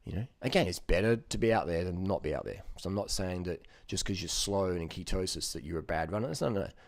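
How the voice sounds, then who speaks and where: A man speaks in a casual, rambling vlog monologue with a low voice. He is blunt and profane, joking as he goes and leaning on fillers. The recording is dry and close, with no room sound. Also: quick pace, no room sound. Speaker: vlogger giving diet advice.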